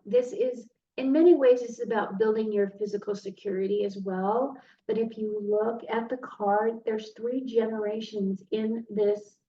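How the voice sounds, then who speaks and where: A woman's voice: fairly high pitch, warm tone. Earnest woman giving a tarot reading. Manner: earnest, emotional, speaks directly to the viewer. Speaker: tarot reader. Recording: roomy, distant, dull sound with faint noise.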